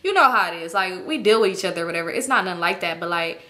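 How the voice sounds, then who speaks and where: A woman's voice: lowish voice, animated, very fast, bright, forceful tone, voice pushed down. A woman voicing an evasive young man who deflects and plays dumb. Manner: dismissive, deflecting.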